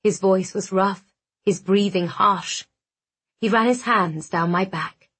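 A woman reads a romance novel in the first person, her voice husky and breathy. She takes her time, unhurried and soft, with an intimate closeness. The dialogue is acted out within the narration. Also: medium pitch. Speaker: audiobook narrator.

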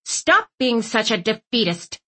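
A woman voicing a bossy elderly great-aunt with a deadpan, snappish, commanding manner in an audiobook. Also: fairly high pitch, measured pace, exaggerated voice. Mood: stern.

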